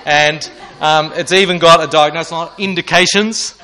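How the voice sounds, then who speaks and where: A man's voice: a little high, fairly even intonation, moderate pace, sharp tone, a little hiss or hum, low-quality recording. A young man giving a joking talk to a student audience, self-mocking and asking the crowd questions. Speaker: student ministry speaker.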